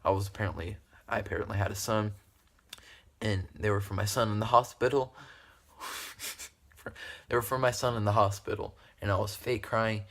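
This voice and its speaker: A man's voice: fairly low pitch, fairly even intonation, normal speed, pauses often, fairly bright tone. Rambling young man telling a story. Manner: rambling with fillers and laughter, quoting voices. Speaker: vlogger. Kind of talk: casual storytelling.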